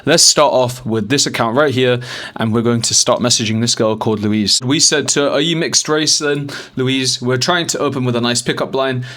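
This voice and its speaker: A man's voice: medium pitch, brisk, fairly bright tone. A man with a British accent who coaches dating, giving a brash running commentary as he reads out chat messages. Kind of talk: screen-recorded dating tutorial.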